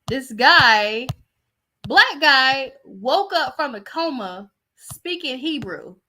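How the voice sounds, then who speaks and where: A woman hosts a loose gossip chat, rambling and thinking aloud. Her voice is bright and forceful, and it swings widely up and down. She sits on the higher side for a woman. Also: expressive, slow, a little hiss or hum. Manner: chatty, rambling, searches aloud while talking. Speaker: podcast host.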